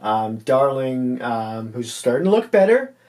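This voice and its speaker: A man's voice: mid-range voice, sing-song, measured pace, a little mellow. Chatty man recapping hockey scores. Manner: loose and chatty, full of ums, trips over player names. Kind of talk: casual game recap.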